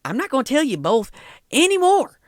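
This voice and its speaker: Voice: sits high, huge pitch swings, rapid-fire, no echo, studio quality, voice pushed up, exaggerated voice. A game master voicing a scrawny, exasperated man who breaks up fights and swears while he scolds. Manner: loud, profane, scolding. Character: scrawny exasperated male farmhand peacemaker.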